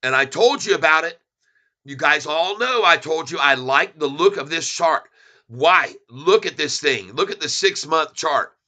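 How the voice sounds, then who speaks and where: Excitable man hosting a stock livestream. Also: fairly high pitch, measured pace. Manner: excitable, bursts into loud cheers over price jumps. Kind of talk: casual livestream chat reading viewer comments.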